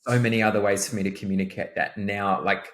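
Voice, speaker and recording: A man talking as a guest on a casual podcast, hesitant and loose, jumping high when he imitates others. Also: little pitch movement, quick pace, a bit bright.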